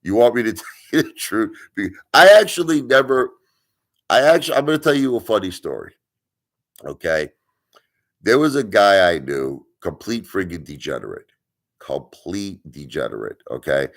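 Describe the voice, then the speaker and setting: A man's voice: on the low side, very animated, moderate pace. A middle-aged man from Brooklyn who hosts a live stream, telling stories and ranting in a blunt, emphatic way with casual swearing. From Brooklyn, New York. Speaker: livestream host.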